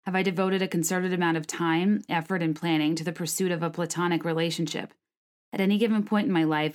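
A woman in her late twenties talking casually and quickly, with many filler "like"s, then reading her own blog post aloud. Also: sits low. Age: late 20s.

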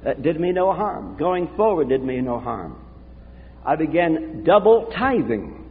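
Male pastor, slow earnest sermon delivery, animated pitch, tinny hall recording. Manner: earnest, confessional, preaching with dramatic pauses. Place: church sanctuary.

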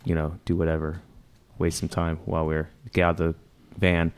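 Low-voiced man who rambles and chuckles. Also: completely flat delivery, normal speed, clean tone. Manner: chuckly, rambling, swears casually. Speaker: podcast co-host. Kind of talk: casual chat.

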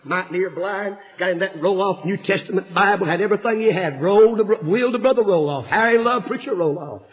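Fiery preacher, lo-fi recording. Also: male voice, sits high, fast. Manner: impassioned, swinging from hushed to shouting. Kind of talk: revival sermon storytelling. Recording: dull lo-fi sermon recording.

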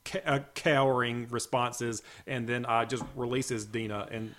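Bright-voiced man chatting on a podcast. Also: medium pitch, fairly even intonation, unhurried, slight background noise. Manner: jokey, with filler ums. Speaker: podcast co-host. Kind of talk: casual chat recapping a cartoon episode.

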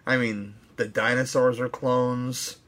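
A man's voice: mid-range voice, level tone, slow, fairly bright tone. Rambling man chatting about movies. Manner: rambling, hesitant, with fillers and crude asides. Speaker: podcast co-host. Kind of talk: casual movie review chat.

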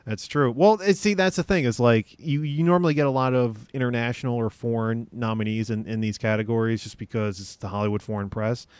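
A man's voice: mid-range voice, brisk, few pauses, smooth, no echo. A man co-hosting a podcast in casual chat, hesitant, with many ums and restarts. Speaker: podcast co-host.

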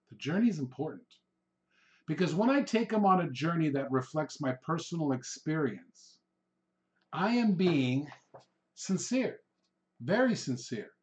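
A middle-aged man giving instructional sales advice in a conversational way, acting out short exchanges with customers. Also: a little high. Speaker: real estate trainer, podcast host. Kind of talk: instructional talk.

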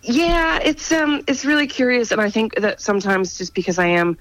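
A young woman from Atlantic Canada with a softened accent, telling stories in a casual chat as a guest. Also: on the high side, normal speed, dry recording, low-quality recording. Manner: chatty storyteller, animated quoting. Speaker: actor and guest.

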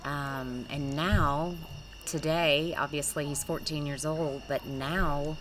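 Low-voiced woman guest, heartfelt and earnest, outdoor noise and crickets in the back. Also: fairly even intonation, takes it slowly, a bit bright, rough recording. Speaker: sponsor and guest. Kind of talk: casual interview talk. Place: outdoors with people working nearby. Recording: field recording with clear background noise.

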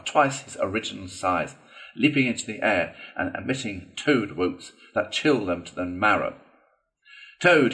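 A man narrating a classic children's storybook in an expressive read-aloud style. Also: lowish voice. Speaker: audiobook reader.

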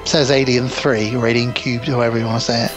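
A man's voice: mid-range voice, little pitch movement, fast talker, music in the background. A man around forty, co-hosting a podcast, telling a long rambling story in casual film chat. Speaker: podcast co-host.

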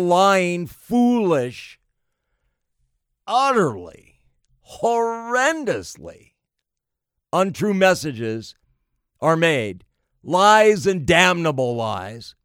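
A man delivering an emphatic political monologue, slow and deliberate, piling up phrase after phrase. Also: on the high side, clean tone, no room sound, studio quality. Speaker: political commentator.

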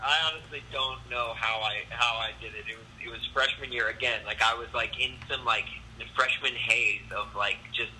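A man's voice: mid-range voice, normal speed, few pauses, slight background noise, poor audio. A man, a guest comedian, telling a story in a casual podcast chat and acting out the voices. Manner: animated, acts out the voices in his stories.

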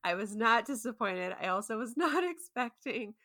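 Bright-voiced giggly woman. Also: on the high side, expressive, normal speed, no room sound, clean studio sound. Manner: giggly, exclaims often. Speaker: podcast co-host. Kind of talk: casual chat.

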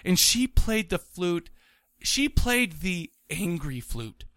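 Rambling high-voiced man in his thirties. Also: slow, no echo, studio quality. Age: 30s. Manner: rambling, excitable, lots of restarts. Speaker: podcast co-host. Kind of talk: casual chat.

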